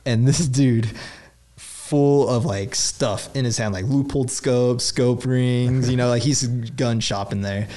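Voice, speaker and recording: Young man telling a story casually, rambling with lots of filler words and getting animated. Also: mid-range voice, slow. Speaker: store employee telling a story.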